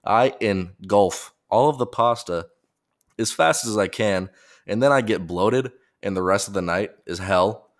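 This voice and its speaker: Low-voiced joking young man hosting a podcast. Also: a little slow. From America. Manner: jokey, rambling, self-deprecating. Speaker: podcast host. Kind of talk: casual solo podcast monologue.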